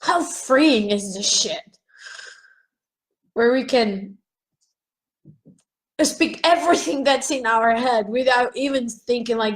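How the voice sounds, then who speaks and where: Woman, high voice, slow pace, frank, profane, self-questioning, live video monologue. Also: low-quality recording. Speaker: self-help vlogger. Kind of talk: raw Facebook Live monologue.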